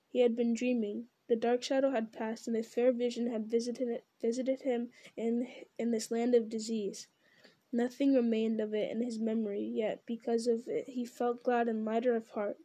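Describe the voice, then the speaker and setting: Woman reading a story in a flat mellow voice. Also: fairly high pitch, normal speed. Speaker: reader. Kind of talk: storybook narration.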